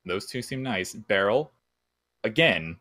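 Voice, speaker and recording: A man's voice: on the low side, expressive, slow, bright, forceful tone. A man playing a tabletop game, often stammering and exasperated as he talks in character. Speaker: player.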